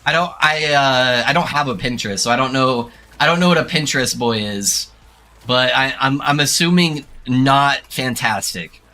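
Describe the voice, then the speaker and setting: Young male streamer, bright soothing voice, casual rambling delivery, mid pitch. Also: moderate pace. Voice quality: soothing narrator-like voice. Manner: relaxed, rambling, laughs often. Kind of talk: casual gaming stream chat.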